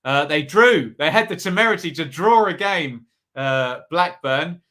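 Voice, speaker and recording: A man's voice: on the high side, lively intonation, unhurried, pushed and bright. A man hosting a live football predictions stream, chatting casually and reading out viewers' comments. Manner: chatty, upbeat, reads out chat comments.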